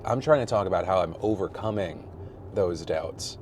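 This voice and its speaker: Low-voiced man rambling candidly in his car. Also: animated, moderate pace, a little mellow, a little hiss or hum. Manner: candid, rambling, self-deprecating, laughs often and swears. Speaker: vlogger. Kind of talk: casual personal vlog chat. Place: parked car by the roadside.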